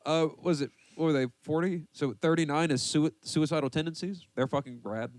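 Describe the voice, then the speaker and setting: A man's voice: a little high, normal speed, a little mellow, no echo. A man hosting a casual podcast, reading a list aloud and mocking it with swearing and laughter. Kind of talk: casual banter with heavy swearing.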